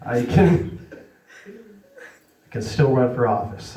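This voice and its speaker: A man's voice: medium pitch, animated, takes it slowly, dark tone, far from the mic. A man doing a stand-up set in a comedy club. He is self-deprecating, laughs through his lines and keeps checking in with the crowd. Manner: chatty and checks in with the audience. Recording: roomy, from away from the mic.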